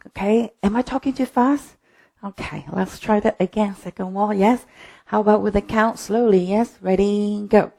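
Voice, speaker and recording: A woman's voice: medium pitch, steady tone, normal speed, creaky, warm tone. A woman leading a live-streamed line dance class from home, chatting with viewers and calling out step counts. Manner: chatty, counts steps aloud.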